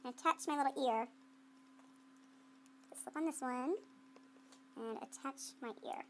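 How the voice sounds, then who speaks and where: Slight background noise sits under a woman's high-pitched, measured voice. She's an art teacher demonstrating clay for her class, playfully chatting, thinking aloud as she works, and drawing call-and-response answers from students.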